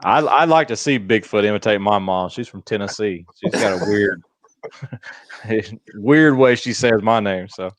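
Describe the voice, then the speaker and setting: A middle-aged man hosting a podcast, recorded close and dry with no room sound. He chats in a relaxed, joking way and spins easygoing stories. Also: on the low side, a little slow, no echo. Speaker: podcast host. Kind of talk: casual podcast chat.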